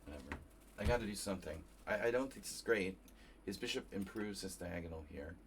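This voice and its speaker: Low-voiced man musing over a chess game. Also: fast talker, a little hiss or hum. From New Jersey. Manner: thinking aloud, chatting with viewers. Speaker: chess streamer. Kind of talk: casual live commentary while playing.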